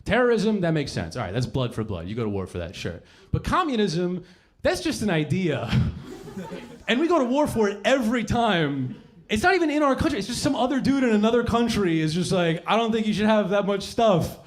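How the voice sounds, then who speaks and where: A young man with a high voice and big pitch swings talks a little fast during a profane, rambling, self-mocking stand-up set. He's on a comedy club stage with a handheld mic, and the live audience laughs along.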